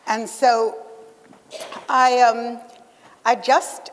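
A woman's voice: fairly high pitch, little pitch movement, drawn-out words, long reverb tail, rough recording. An older woman on a panel, a children's writer, speaking earnestly and plainly. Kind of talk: panel discussion.

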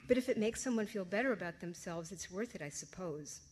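A woman's voice: lowish voice, animated, a little hiss or hum, close to an everyday voice. A woman voicing a blunt, scolding mother. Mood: dismissive. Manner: brisk, dismissive, scolding. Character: fussy middle-aged mother, blunt and old-fashioned.

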